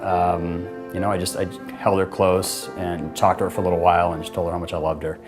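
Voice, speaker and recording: A man's voice: low-pitched, little pitch movement, a little fast. A man casually telling how he proposed, talking loosely with lots of "like" and "you know" and quoting himself and his partner. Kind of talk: casual personal storytelling to camera. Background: soft guitar music.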